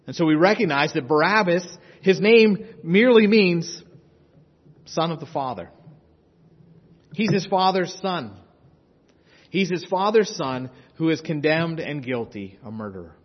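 A male pastor preaches an impassioned sermon, swelling into loud, urgent passages and falling to hushed intensity. His fairly high, slightly husky voice is expressive and unhurried, with long pauses, and it rings with long reverb in a large room. The recording itself sounds dull and muffled.

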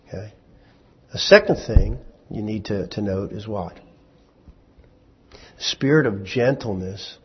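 A man's voice: fairly low pitch, a little slow, long pauses, slight background noise. A man preaching a sermon in a conversational way, asking his listeners questions and then answering them himself. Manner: conversational, with small restarts. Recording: dull, lo-fi hall recording.

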